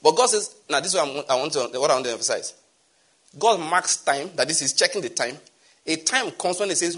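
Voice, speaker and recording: A middle-aged man preaching a sermon as pastor, animated, swinging from loud exclamations to soft asides. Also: on the high side, brisk, breathy edge.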